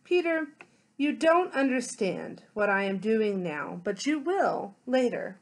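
A woman voicing a kind, sorrowful male teacher from a children's storybook, speaking slowly and quietly in a fairly high, soft voice. He is gentle and unhurried. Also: big pitch swings, heavily acted.

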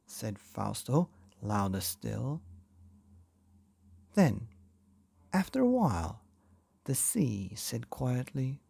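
A man who hosts a bedtime story podcast, gently reading a picture book aloud to children. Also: medium pitch, expressive, slow, gravelly, breathy edge, no room sound, clean studio sound. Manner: gentle, addresses children directly.

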